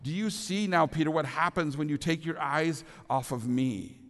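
A man preaching in a sermon, voicing a gentle teacher who kindly questions a follower. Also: on the high side, moderate pace, lightly acted. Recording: long reverb of a large hall.

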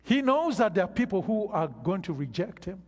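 An older man preaching a sermon, slow and emphatic, with long pauses between phrases. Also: high-pitched, very animated. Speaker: pastor. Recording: long reverb of a large hall.

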